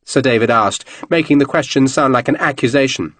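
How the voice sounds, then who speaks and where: A man reading an audiobook in expressive, scripted narration. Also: medium pitch, fairly quick, few pauses, no room sound.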